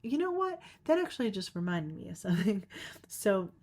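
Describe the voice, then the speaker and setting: A woman's voice: mid-range voice, sing-song, moderate pace, darkish tone. A young woman hosting her own podcast, rambling casually with lots of filler words and frequent giggles. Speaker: podcast host. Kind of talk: casual solo podcast monologue.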